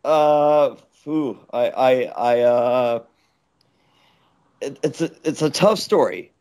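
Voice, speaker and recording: A man's voice: mid-range voice, slow, darkish tone. A man guest telling a rambling, crude story, stammering and laughing often. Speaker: interview guest. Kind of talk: casual storytelling with crude jokes. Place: Los Angeles.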